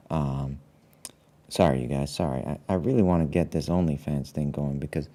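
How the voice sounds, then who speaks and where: A man hosting a live stream, rambling in a self-deprecating, deadpan comic monologue and grumbling when the tech fails. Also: extremely low pitch. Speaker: show host.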